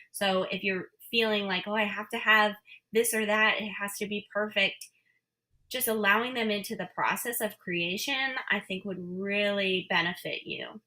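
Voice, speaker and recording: A woman's voice: medium pitch, bright, forceful tone. A woman guest on a business interview, talking in a chatty, playful, upbeat way. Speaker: guest, membership business owner. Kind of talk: casual interview talk.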